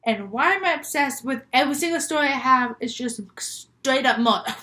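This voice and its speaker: A young woman vlogger telling homemade scary stories, chatty and rambling with frequent giggles. Her voice sits a little high for a woman. She talks casually, as if to friends. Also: fairly quick, bright, forceful tone. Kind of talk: casual storytelling vlog.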